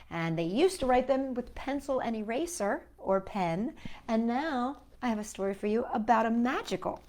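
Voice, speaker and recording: A woman hosting a children's storytime, talking gently to a puppet and to young viewers. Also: on the high side. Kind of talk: storytime reading and sing-along for children.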